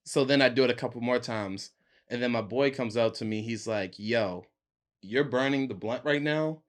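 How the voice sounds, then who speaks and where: In casual podcast chat, a young male guest tells a story with plenty of energy and laughter, performing his friends' dialogue. He has a mid-range voice and talks at normal speed.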